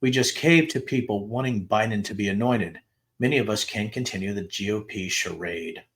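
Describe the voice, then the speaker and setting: A middle-aged man with a lowish voice reads text messages aloud on his show, stating each date plainly before rising into the quoted lines. He drops in the odd dry aside between messages. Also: normal speed. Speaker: podcast host reading text messages aloud. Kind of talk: dramatic reading of texts with asides.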